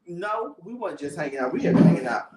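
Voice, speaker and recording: A man's voice: on the high side, sing-song, fast, reverberant, background noise. A man hosting a casual live stream. He teases his co-host in a sassy, blunt way.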